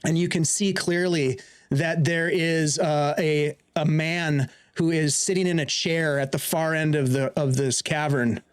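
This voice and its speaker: A man's voice: fairly high pitch, fairly even intonation, measured pace, clear, resonant tone. A man running a tabletop game as dungeon master, narrating while searching for his words.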